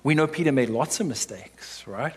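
A man delivering a sermon from the pulpit in a slightly husky, breathy voice. He preaches with emphasis, pressing his points home with rhetorical questions and quick asides. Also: medium pitch, expressive. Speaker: pastor.

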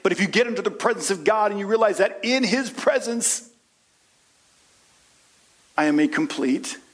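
A man preaching a sermon as pastor, rising into impassioned prayerful peaks and dropping to soft asides, calling the congregation honey and friends. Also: lively intonation, normal speed. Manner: impassioned preaching, swings from low and soft to high and loud.

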